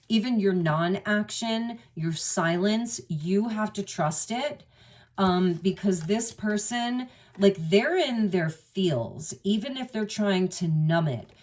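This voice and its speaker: A woman's voice: mid-range voice, expressive, takes it slowly, darkish tone, far from the mic. A woman giving a musing, intimate tarot reading, speaking straight to the listener. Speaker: tarot reader. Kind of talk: spoken tarot reading to the viewer.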